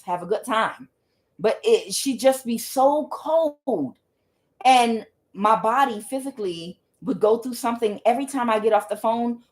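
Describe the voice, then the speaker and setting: A woman tarot reader in a casual monologue who tells her story bluntly, swears freely and repeats words for emphasis. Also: medium pitch.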